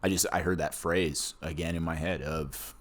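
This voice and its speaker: A man's voice: low-pitched, fairly even intonation, normal speed. A man, a war veteran, telling his story in casual, profane podcast chat, blunt and often laughing.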